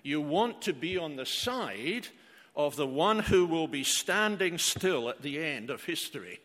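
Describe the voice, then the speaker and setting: A man's voice: on the high side, big pitch swings, measured pace, fairly bright tone. An older man preaching a sermon, earnest, with rhetorical questions and frequent hesitant fillers. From outside Australia. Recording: reverberant hall.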